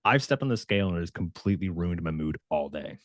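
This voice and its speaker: Here a male fitness coach speaks fast in a low voice, chatting animatedly to his viewers on camera and acting out quotes. The studio sound is clean, without echo.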